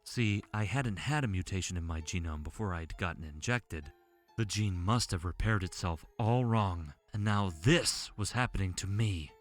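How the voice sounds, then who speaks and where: Low-voiced man narrating horror. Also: expressive, moderate pace, faint music behind. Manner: tense, dramatic storytelling.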